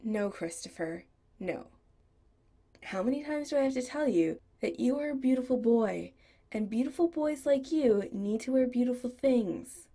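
Woman doing a bossy flamboyant shopkeeper guy, teasing, animated, a little gravelly. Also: a little high, moderate pace, voice pushed up. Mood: fond. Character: flamboyant, teasing male goth punk shop owner.

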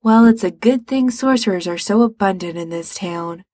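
A woman's voice: mid-range voice, a little slow, dark tone, husky, no echo, clean studio sound. A woman voicing a weary, practical young man who sounds patient but exasperated.

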